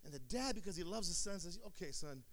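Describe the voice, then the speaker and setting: A man preaching a sermon, telling a story in a calm low voice and then building up to sing-song shouted climaxes. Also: fast talker. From Sacramento area.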